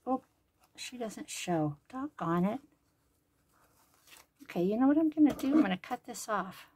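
A woman's voice: on the high side, expressive, measured pace, mellow, breathy edge. A woman making things at home and talking to herself as she works, chatty and thinking aloud, now and then dropping to a whisper. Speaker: crafting vlogger. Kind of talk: casual talk to herself while crafting. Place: home craft room.

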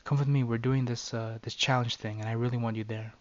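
A man's voice: mid-range voice, steady tone, fast talker, lo-fi sound, close to an everyday voice. A man voicing a cruel, mocking teenage girl bully who switches to a whiny fake-cute tone. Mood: pushy. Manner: taunting, fake-cute whining.

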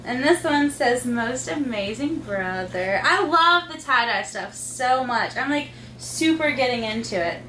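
A high-pitched mother hosts a casual unboxing, her voice swooping up and down as she gushes and coos to her toddlers. She speaks unhurriedly. The sound comes from a mic set some way off in an echoey room with a faint hum of ambience. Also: lively intonation, unhurried, few pauses, sharp tone, far from the mic. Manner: gushing, sing-song baby talk to her toddlers. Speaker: mother and channel host. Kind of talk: casual unboxing vlog talk.

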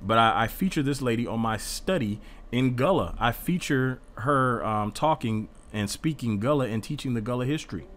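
A man's voice: mid-range voice, animated, normal speed, few pauses, fairly bright tone. A man teaching an informal Bible study in an earnest, defensive way, reading passages aloud and explaining them.

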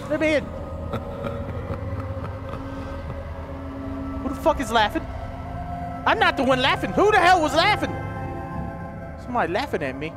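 A man commenting on a horror game he plays, jumpy, swearing and shrieking when startled. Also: very high-pitched. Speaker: gaming video host. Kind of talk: let's play commentary. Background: horror game music.

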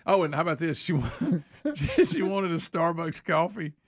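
A man's voice: fairly high pitch, big pitch swings, moderate pace, no room sound, studio quality. An older man, chatting as a radio co-host and telling folksy stories with frequent chuckles. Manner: folksy storyteller, chuckles often. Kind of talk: casual chat.

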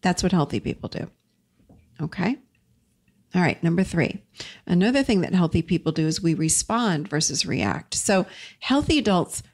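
A woman's voice: fairly low pitch, creaky. A middle-aged woman hosting a self-help show, talking earnestly through a numbered list of points. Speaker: podcast host.

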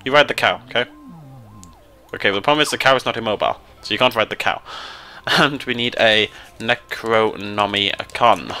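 A British man hosting a casual gameplay commentary, excitable and prone to jumping into high squeals. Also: moderate pace. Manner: excitable, jumps into high squeals when surprised or delighted. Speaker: let's play host.

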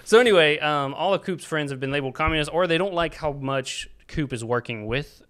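This is a young man from the American South, co-hosting a casual chat podcast. His voice sits a little high and sounds bright. He is animated and jokey, and he often acts out lines in quick voices. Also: clean tone. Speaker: podcast co-host.

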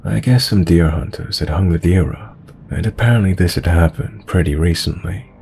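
A man narrating true horror stories in a calm, measured storytelling voice. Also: deep voice, gravelly, a little hiss or hum.

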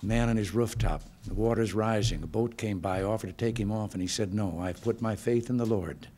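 A man's voice: lowish voice, brisk. Older man telling folksy jokes at a podium. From United States. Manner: folksy, relaxed storytelling with dry humor. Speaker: president giving remarks. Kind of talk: informal speech with joke stories. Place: hotel function room.

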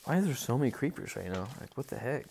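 A man giving casual, rambling commentary on a tour of his game village, easily excited and breaking into sudden outbursts. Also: medium pitch, fast talker, creaky, slight background noise.

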